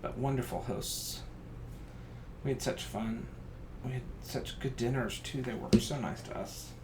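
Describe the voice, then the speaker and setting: A man with a Southern US accent hosting a live crafting stream, chatting and rambling through stories with sudden excited bursts. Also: a little slow. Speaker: craft show host. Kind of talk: casual live-stream chat while crafting. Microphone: live-stream camera mic. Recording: echoey room with rumbling background noise.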